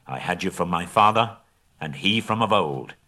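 A man's voice: sits low, animated, moderate pace, bright, forceful tone. A man voicing a grim, steadfast bowman hero in a storybook reading, with a solemn, firm delivery.

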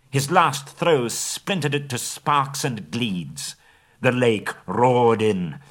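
A man reading a story aloud as an audiobook narrator, with a dramatic delivery. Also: mid-range voice. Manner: dramatic, swelling at action, hushed at endings.

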